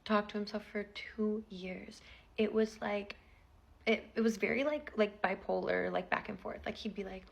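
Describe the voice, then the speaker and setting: A woman's voice: medium pitch, steady tone, moderate pace, vocal fry. A woman in her twenties telling a personal story in a chatty, casual vlog style, full of fillers.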